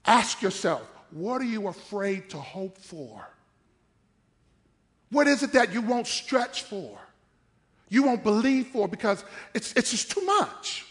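A man's voice: high voice, sing-song, slow pace, a bit bright. A man preaching a sermon in church, emphatic and firing questions at the congregation.

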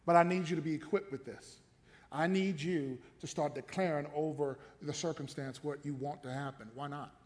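A man pastor preaching an animated, emphatic sermon in a church sanctuary, mixing jokes and repetition. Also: a little high, moderate pace. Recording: long hall reverb.

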